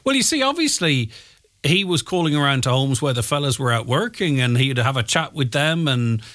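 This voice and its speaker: A man's voice: medium pitch, lively intonation, a little fast, a bit bright, no room sound, clean studio sound. A man hosting a casual radio interview, chatty and prompting his guest with his own thoughts. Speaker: radio host.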